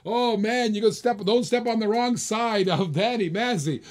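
A man's voice: high-pitched, normal speed. A man hosting a live-stream auction, calling bids with playful, teasing, hyped-up patter. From Australia.

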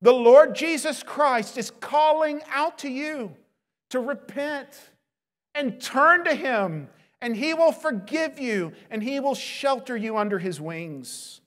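A man's voice: extremely high pitch, expressive, slow, a bit bright. A man preaching from the pulpit with an earnest, pleading urgency. His delivery is emphatic, and he presses each point on his listeners. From United States. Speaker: pastor. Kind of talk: sermon.

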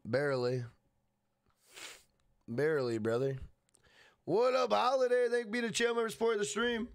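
A man's voice: high voice, expressive, moderate pace, gravelly, clear, resonant tone, no room sound. A man casually live-streaming a game, greeting chatters by name and swearing freely.

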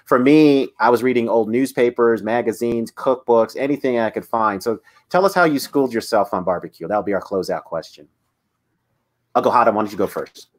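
A man's voice: medium pitch, brisk. A man moderating a panel discussion, asking questions in a friendly, conversational way.

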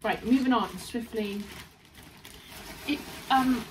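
A woman's voice: a little high, normal speed. Chatty young woman, a bit far off. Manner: chatty, bubbly, laughs often. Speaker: fashion vlogger. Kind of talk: casual haul chat. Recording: distant mic, faint room noise.

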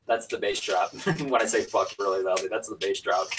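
A man livestreaming a fighting game, swearing and yelling outbursts between muttered comments. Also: lowish voice, a little slow, pauses often, recorded from a distance, a little hiss or hum.

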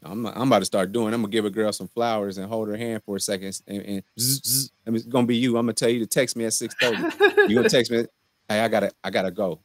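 A man's voice: lowish voice, fast, no room sound. A young man co-hosting a casual TV recap chat, joking in laid-back banter and laughing often. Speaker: show co-host.

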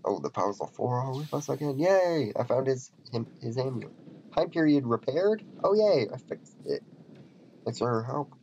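A man's voice: medium pitch, lively intonation, moderate pace, dark tone, a little hiss or hum. A man giving offhand, jokey commentary while playing a game and reading its dialogue aloud. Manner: jokey, offhand, mutters asides. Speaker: gameplay commentator. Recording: dull lo-fi with faint game music.

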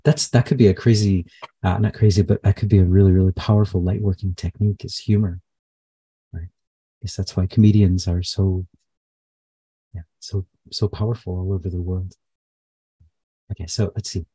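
A man channeler in a live session, speaking haltingly with many fillers and restarts. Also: deep voice, fairly even intonation, mellow, breathy edge, no echo.

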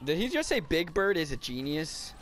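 Joking young man, slightly high voice. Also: sing-song, moderate pace, a bit bright, slight background noise. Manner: joking, laughing, teasing. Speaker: gamer. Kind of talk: casual gaming chat.

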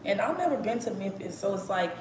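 A woman's voice: medium pitch, expressive, fast talker, a little mellow. A woman from East Texas with an East Texas accent, chatting candidly and profanely on a livestream. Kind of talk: casual livestream chat. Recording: echoey room with background noise.

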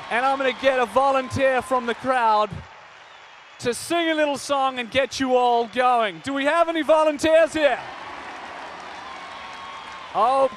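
A man, shouting to a rugby stadium crowd as an upbeat entertainer. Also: very high-pitched, slight background noise. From New Zealand. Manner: exuberant, rousing, calls out to the crowd.

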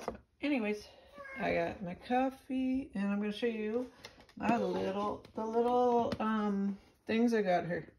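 A woman talks to her camera in a slow, unhurried ramble, mid-pitched and easygoing. She drifts between chatting with her viewers and cooing softly at her pet. A faint hiss sits under the recording. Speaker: vlogger. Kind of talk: casual chat to camera.

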